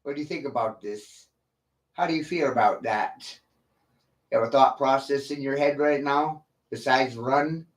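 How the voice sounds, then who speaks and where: A man ranting on a livestream, profane, combative and boastful, with long pauses between his lines. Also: mid-range voice. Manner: slow, drawn-out delivery with long pauses. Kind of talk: livestream rant.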